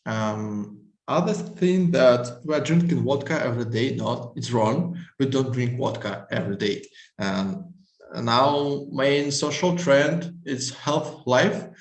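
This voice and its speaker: A man from Russia, a native Russian speaker, answering students in slow, halting English over a video call. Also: mid-range voice, reverberant, poor audio. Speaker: guest speaker. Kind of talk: school video-call talk.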